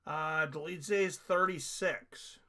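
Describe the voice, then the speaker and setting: A man with a fairly high pitch and a bright, forceful tone speaks slowly while hosting a live fight watch-along. He keeps things casual, reads chat comments out loud, and laughs frequently.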